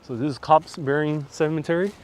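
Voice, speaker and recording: Casual male live-stream host, slightly high voice, reads chat aloud, outdoor street walk. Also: steady tone, a little fast. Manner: chatty, reads viewer comments aloud and reacts. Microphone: phone on handheld gimbal.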